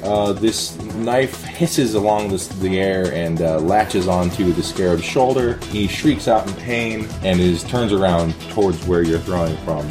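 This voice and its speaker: A man's voice: deep voice, a little slow, few pauses, music in the background. A man narrating a tabletop game as game master, playful and vivid.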